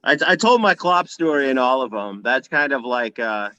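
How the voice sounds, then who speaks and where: A man co-hosting a casual podcast, telling stories in an animated way and acting out quotes. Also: medium pitch, normal speed, dull audio. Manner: animated storyteller, acts out quotes. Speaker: podcast co-host.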